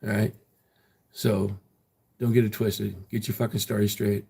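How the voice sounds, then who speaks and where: A man's voice: on the low side, flat delivery, unhurried, vocal fry, warm tone, breathy edge. A man hosting his own livestream, chatting casually with viewers and answering their comments bluntly, with frequent swearing. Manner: defensive, blunt, swears freely. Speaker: livestream host.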